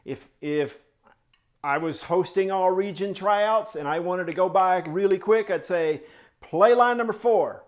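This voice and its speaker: Man, drum teacher, slightly higher voice, sings rhythms in syllables, counts off, encouraging tutorial. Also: a little slow. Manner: coaching and encouraging. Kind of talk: step-by-step music tutorial.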